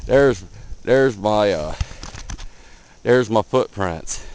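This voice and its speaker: A man filming outdoors in a blizzard on a handheld camera, giving excited casual commentary, cold and a bit out of breath. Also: fairly low pitch, low-quality recording. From Delaware, USA. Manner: excited, repeats himself, calls viewer man. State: out of breath, face numb from cold. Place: outdoors in a blizzard, wind and snow. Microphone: handheld camera mic.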